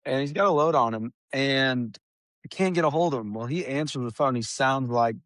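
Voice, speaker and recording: A young man hosting a podcast, telling rambling, profane stories about his trucking job in a casual, animated way. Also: mid-range voice, moderate pace, dry recording, clean studio sound. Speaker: podcast host. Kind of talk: casual storytelling chat.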